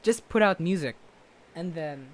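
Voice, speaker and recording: A young man vlogging casually from his bedroom to a laptop camera, rambling loudly and poking fun at himself. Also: fairly high pitch, expressive, measured pace. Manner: rambling, self-mocking, loud. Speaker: vlogger and musician. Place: bedroom at home. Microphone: webcam or laptop camera.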